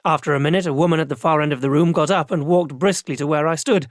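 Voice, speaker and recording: An audiobook narrator reading first-person fantasy narration in a measured, formal way. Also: medium pitch, steady tone, no echo. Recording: dry close studio recording.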